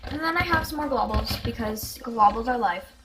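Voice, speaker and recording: A female vlogger chatting excitedly through a casual show-and-tell of her toy collection, with giggles and gasps along the way. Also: on the high side, a little fast.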